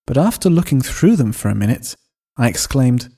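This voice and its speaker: Male narrator, mid pitch, animated intonation; expressive first-person story reading. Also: normal speed, breathy edge.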